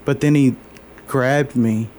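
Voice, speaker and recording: A man as an interview guest, telling a personal faith story in an earnest, halting way, openly moved. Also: mid-range voice, steady tone, a little mellow, slight background noise. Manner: earnest, halting, many fillers and restarts.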